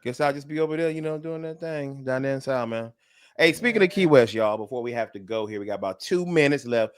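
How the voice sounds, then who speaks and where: A man hosting a comedic radio talk show, reacting quickly and laughing often with his guests. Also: medium pitch, smooth.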